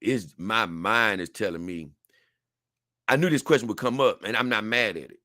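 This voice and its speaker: A man's voice: lowish voice, normal speed, dry recording, studio quality. A young man hosting a casual livestream, reading viewer comments aloud and rambling with frequent laughter. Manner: rambling, animated, laughs often, reads chat aloud.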